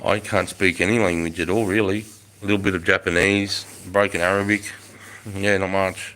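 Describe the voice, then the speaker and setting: A low-voiced Australian man in his forties hosts a casual live stream. He swaps army stories and reads out chat comments, swearing freely in an easygoing way. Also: flat delivery, normal speed, fairly bright tone. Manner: swears a lot, laid-back, reads chat aloud. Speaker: livestream host, ex-soldier.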